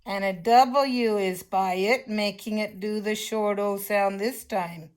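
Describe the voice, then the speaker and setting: An older woman teaching children phonics, slowly and patiently sounding out words and letters. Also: mid-range voice, fairly even intonation, a little mellow, clean tone.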